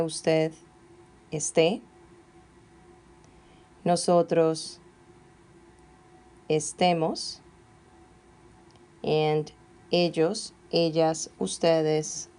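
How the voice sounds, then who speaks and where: Woman, language teacher, slow careful delivery, lowish voice, grammar lesson. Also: steady tone, darkish tone. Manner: slow, careful dictation of verb forms. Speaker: Spanish teacher.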